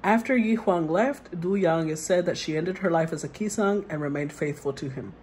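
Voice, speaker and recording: A woman's voice: on the low side, moderate pace, a little mellow, slight background noise, low-quality recording. A woman tarot reader who reads the card meanings aloud and then muses over them in a casual way.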